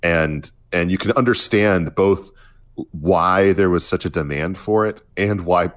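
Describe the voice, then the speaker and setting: A man's voice: low voice, a little slow. A man co-hosting a casual music podcast, thinking aloud with frequent restarts and fillers. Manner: hesitant, many restarts and fillers. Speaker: podcast co-host.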